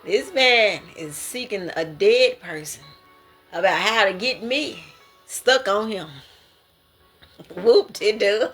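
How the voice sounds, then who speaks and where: A woman's voice: medium pitch, animated, slow pace, pauses often, a bit bright, faint music behind. A woman sharing her prophetic dreams in a casual spoken monologue, emphatic and slangy, often laughing and exclaiming.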